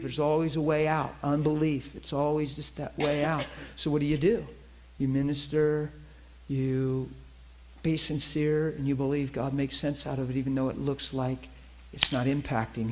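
A man's voice: medium pitch, muffled recording, slight background noise. A man preaching a sermon, telling a story and acting out the people in it.

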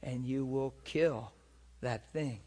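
A man's voice: mid-range voice, takes it slowly, darkish tone. A man preaching a storytelling sermon in an earnest way, often checking that his listeners follow him.

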